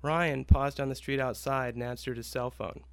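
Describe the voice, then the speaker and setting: A man's voice: medium pitch, fairly even intonation, normal speed, clear, resonant tone, no echo. A man narrating a short story about a workplace friend in an easygoing tone.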